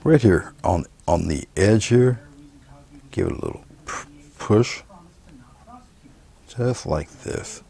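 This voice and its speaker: A man giving a painting demonstration, talking through each brushstroke in a relaxed, murmured way. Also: lowish voice, slow, vocal fry, pauses often, slightly rough. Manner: relaxed, murmured step-by-step commentary while painting. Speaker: painting instructor.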